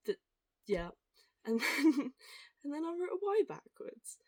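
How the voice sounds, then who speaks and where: Animated young woman ranting. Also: high voice, dry recording, faint music behind. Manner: animated, swearing, quick asides, acts out quoted voices. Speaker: vlogger. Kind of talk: casual storytelling rant.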